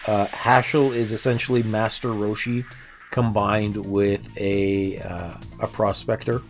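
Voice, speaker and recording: A man with a sore throat chats casually during a game livestream, self-deprecating and quick to laugh. His voice sits fairly low. Faint game music runs behind him. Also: flat delivery. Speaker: streamer. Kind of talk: casual gameplay livestream chat.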